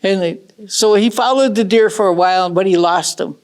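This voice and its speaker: A middle-aged woman from northern Michigan telling a traditional story in a folksy, unhurried way, with casual asides to her listeners. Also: mid-range voice, a little mellow, clean tone.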